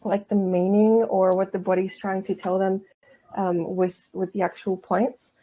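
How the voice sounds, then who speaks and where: A woman massage therapist as an interview guest, explaining her methods calmly and gently. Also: medium pitch, a little slow. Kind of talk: interview conversation.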